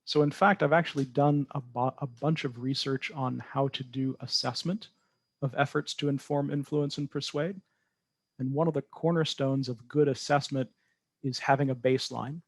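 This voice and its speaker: A man answering interview questions in a measured, explanatory way, sometimes correcting himself as he goes. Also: mid-range voice, steady tone, dry recording. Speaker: guest researcher.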